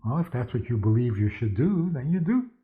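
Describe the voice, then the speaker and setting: A man's voice: medium pitch, very animated, a little fast. A man who is a rabbi, giving a spoken lecture with stories and asking rhetorical questions. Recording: tinny phone-like sound.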